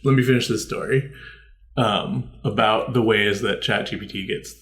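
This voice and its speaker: A man's voice: fairly low pitch, steady tone, normal speed, a bit bright, roomy sound. A man co-hosting a casual podcast, telling a long, rambling, self-correcting story. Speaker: podcast co-host. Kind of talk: casual chat.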